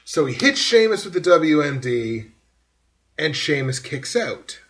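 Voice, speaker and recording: A man's voice: fairly high pitch, very animated, unhurried, a bit bright. A man hosting a podcast, giving a rambling, filler-heavy breakdown in casual chat. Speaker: podcast host.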